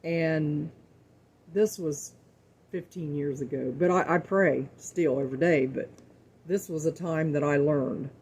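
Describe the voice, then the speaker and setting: A middle-aged woman with a low, dark, husky voice hosts a home cooking show. She talks to her viewers about faith in a casual, earnest, folksy way, repeating words for emphasis.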